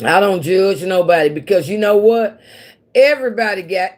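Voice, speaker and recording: Mid-range in pitch, darkish in tone, and at normal speed, this is the voice of a woman hosting a laid-back livestream. Originally from the central US, Missouri and Oklahoma, she chats ramblingly with viewers and laughs a lot.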